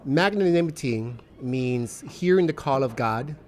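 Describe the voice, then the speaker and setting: A man's voice: mid-range voice, animated, a little slow. A man in his thirties talks reflectively in a casual faith podcast, often asking questions. He has a mid-range voice. A faint noise sits behind him. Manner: reflective, questioning, frequent affirming murmurs. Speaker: podcast co-host.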